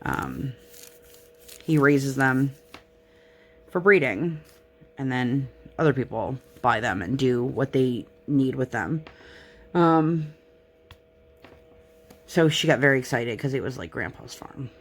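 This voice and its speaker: A woman's voice: very deep voice, slow pace, long pauses. Rambling, chatty young woman vlogger. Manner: rambling, self-deprecating, chatty. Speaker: crafting vlogger. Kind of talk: casual chat while crafting.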